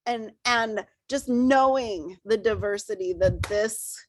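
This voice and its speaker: A woman's voice: mid-range voice, takes it slowly, dry recording, poor audio. A woman team leader giving a passionate, encouraging talk to her team.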